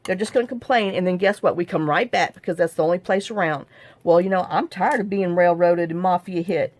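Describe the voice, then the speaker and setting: A woman's voice: fairly low pitch, brisk, a little mellow. This is a middle-aged woman, chatting on camera as she works on a craft project. She rambles through her story, circling back with fillers and restarts, in an easygoing, talkative way. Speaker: crafting vlogger. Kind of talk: casual chat while crafting.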